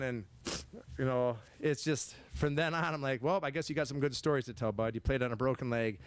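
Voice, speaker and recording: Stammering coach, dry close sound. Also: male voice, mid-range voice, smooth, no room sound. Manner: halting, stammering repeats; emotional, choked up at times. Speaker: head football coach. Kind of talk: banquet speech. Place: banquet hall, indoors.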